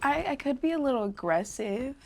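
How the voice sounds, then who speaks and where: A woman talking as a guest in a casual interview, laughing often and speaking in a lively way. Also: sits high, creaky, slight background noise. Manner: giggly, lively, quick laughs. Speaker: guest artist.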